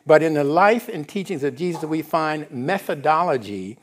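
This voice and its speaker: Animated man giving a casual sermon. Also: a little high, normal speed. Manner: casual, animated, asks the congregation if they follow. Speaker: minister. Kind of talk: conversational sermon. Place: church sanctuary.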